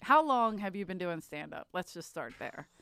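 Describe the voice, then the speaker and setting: A woman hosting a podcast, trading quick, joking banter with her guest in the studio. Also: lowish voice, lively intonation, creaky, sharp tone, clean tone, no echo. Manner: quick banter, laughs often. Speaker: podcast host. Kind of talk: casual podcast chat.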